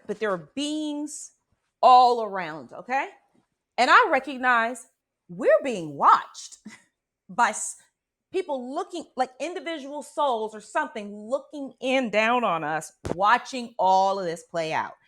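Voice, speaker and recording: A woman hosting a spiritual radio show, telling a personal story in an animated, dramatic way and often checking in with her listeners. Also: on the high side.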